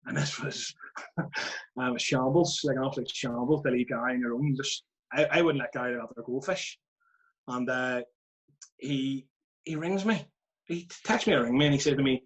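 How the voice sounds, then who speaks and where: A Northern Irish football manager, a guest on a casual podcast, telling lively anecdotes and laughing at his own stories. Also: mid-range voice, fairly quick, low-quality recording.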